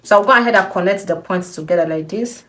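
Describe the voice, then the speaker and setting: A woman's voice: medium pitch, a bit bright. A young woman giving a patient step-by-step sewing tutorial, repeating key points and checking in with the viewer. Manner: slow, patient, repeats instructions with frequent "okay?". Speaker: sewing instructor.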